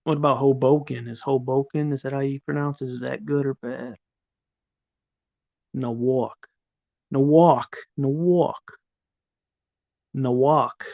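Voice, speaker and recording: Gravelly-voiced man ranting on a livestream. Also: medium pitch, little pitch movement, brisk, hardly any pauses, no echo, highs cut off. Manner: rambling and profane. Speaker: livestream host. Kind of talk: casual live chat, answering viewers.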